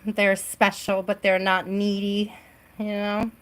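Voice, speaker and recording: A middle-aged woman hosts a casual live tarot stream from her home. She talks in an unhurried, drawn-out way, reassuring her viewers and often checking in with a little "right?". Her voice sits in an everyday middle range. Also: medium pitch, completely flat delivery.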